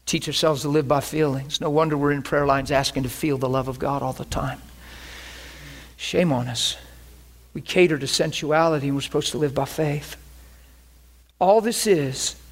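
A man preaching a sermon, telling a personal testimony in an animated way, often laughing as he speaks. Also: on the high side. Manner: animated, laughing testimony with sudden shifts between hushed and excited. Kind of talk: sermon storytelling.

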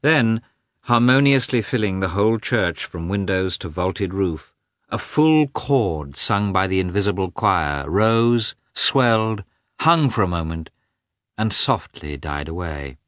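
Male audiobook narrator, measured literary reading, very low voice, dry close sound. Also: lively intonation, a bit bright, no echo. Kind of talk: scripted narration of a classic novel.

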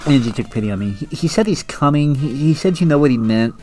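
A man co-hosting a comedy podcast, reading a teen novel aloud with exaggerated high-pitched character voices and frequent laughter. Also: expressive, quick pace, darkish tone, faint music behind. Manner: reads dialogue with squeaky exaggerated voices, laughs a lot. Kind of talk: comedic dramatic reading with chat.

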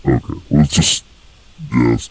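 A man's voice: rumbling low, fairly even intonation, measured pace, husky. A man talking casually through a demon voice filter while testing voice effects. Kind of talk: casual live-stream chat.

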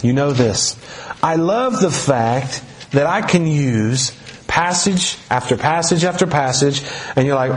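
Conversational preacher man, slightly high voice. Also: lively intonation, a little slow. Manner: conversational, joking, storytelling. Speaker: pastor. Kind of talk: sermon.

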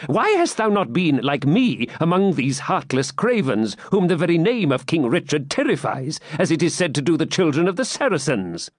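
A man doing a sharp, angry Norman noble. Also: big pitch swings, moderate pace, hardly any pauses, no room sound, clean studio sound. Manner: sharp and impatient, voice raised higher.

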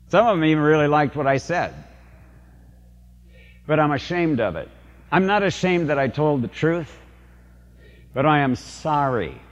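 A man's voice: medium pitch, long reverb tail, highs cut off. An older man, a priest, preaching a sermon in a storytelling, confessional way, asking the congregation rhetorical questions.

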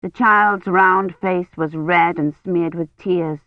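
A woman reading a novel aloud as an audiobook narrator in a measured, even storytelling manner, in a dull, lo-fi recording. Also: lowish voice, no room sound. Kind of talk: scripted narration. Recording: dull, lo-fi, dry.

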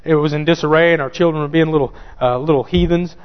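A man preaching with a fairly high voice, driving his points home by repeating them. He speaks straight to the men in the pews. The recording is dull and rings with long church reverb. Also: fairly even intonation, fast talker. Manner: emphatic, repeats key phrases, addresses listeners directly. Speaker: pastor. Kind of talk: sermon.

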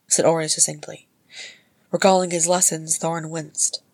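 Husky woman reading a story. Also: deep voice, flat delivery, moderate pace, no room sound. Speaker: audiobook reader. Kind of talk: storybook narration.

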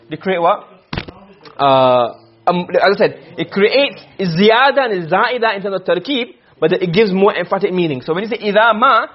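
A male teacher gives a grammar lesson, firing quick questions at his students. His voice sits high and comes out husky, and he talks at a brisk clip. The recording sounds muffled and lo-fi. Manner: quizzing students with frequent questions. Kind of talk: classroom lesson on Arabic grammar.

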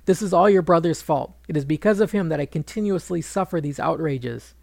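A man voicing a proud queen who is furious and grieving, speaking bitterly in his gravelly storytelling voice. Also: fairly high pitch, a little fast, a little mellow, no echo, clean studio sound. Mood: bitter, pleading. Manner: bitter, accusing speech.

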